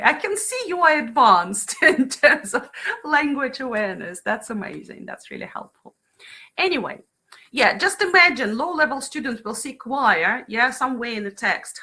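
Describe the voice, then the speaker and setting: A woman running an online training session for teachers, lively and often checking in with her group by asking "right?" and "yeah". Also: on the high side. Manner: frequent fillers and brief laughs.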